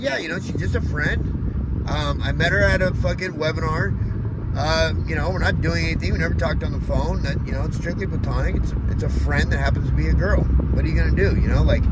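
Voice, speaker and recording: A man's voice: fairly high pitch, heavy background noise. A man talking candidly in a personal video diary, blunt and rambling, swearing often and drifting off on tangents. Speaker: vlogger.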